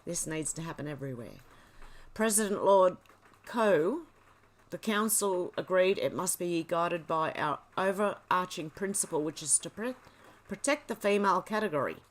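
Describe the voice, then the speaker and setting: A woman hosting a livestream, reading social media posts aloud and chatting about them in quick, casual asides. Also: on the low side, lively intonation. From Australia. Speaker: livestream host.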